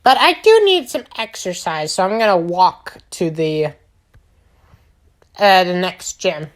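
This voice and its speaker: A woman's voice: fairly low pitch, lively intonation, a little slow. A woman hosting a gaming channel, giving a silly, rambling recap of her game with lots of filler sounds. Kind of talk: playful game recap narration.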